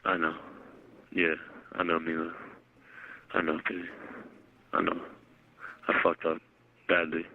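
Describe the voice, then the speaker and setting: Man, jail phone call, gravelly low voice, subdued, tinny phone line. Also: completely flat delivery, unhurried, pauses often, a little hiss or hum. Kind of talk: personal phone conversation.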